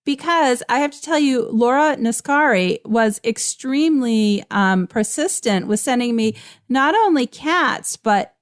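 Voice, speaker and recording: A woman's voice: a little high, expressive, unhurried. A woman on a podcast panel chatting casually, rambling with lots of fillers. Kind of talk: casual chat.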